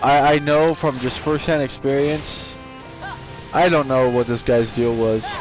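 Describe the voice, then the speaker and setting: A man's voice: medium pitch, fairly even intonation, measured pace. A man streaming live, telling a story from work in a rambling, casual way with frequent restarts. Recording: game music playing behind. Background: video game music.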